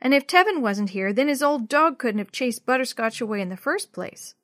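A woman reading aloud as a frantic young girl with a high, bright voice, shouting for her missing cat. The voice sits dry and close, with no room around it. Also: animated, moderate pace, no echo. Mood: sulky. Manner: cries out high and loud.

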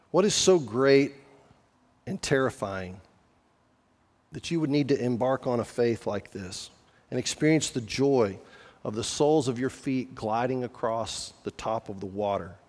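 Male pastor, middle pitch, chatty but earnest sermon delivery, long hall reverb. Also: darkish tone. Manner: conversational, earnest, asks the listeners questions.

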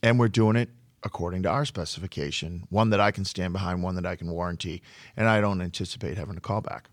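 A man who runs a flooring business tells work stories in a relaxed conversation, often repeating a word while he gathers his thoughts. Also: low-pitched, fast talker, dry recording, clean studio sound. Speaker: flooring contractor. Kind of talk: storytelling in a podcast conversation.

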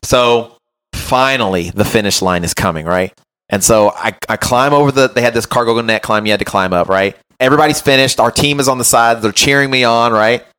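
A man hosting a podcast as a run coach, telling an animated, self-mocking story in casual chat and often checking in with "right?". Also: mid-range voice, brisk, smooth.

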